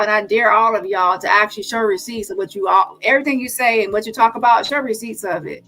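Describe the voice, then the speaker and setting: A woman's voice: medium pitch, fast, few pauses, sharp tone, faint music behind, rough recording. A woman hosting a commentary stream, confronting her viewers in a heated, challenging way. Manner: confrontational, addresses viewers as y'all. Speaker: commentary channel host.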